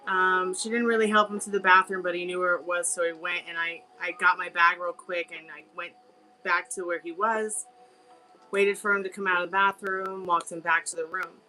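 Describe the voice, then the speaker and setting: Chatty woman with a low, bright voice. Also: little pitch movement, moderate pace, faint music behind, rough recording. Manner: chatty, rambling, with filler words. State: on a crutch. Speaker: live tarot reader and stream host. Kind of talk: casual livestream storytelling.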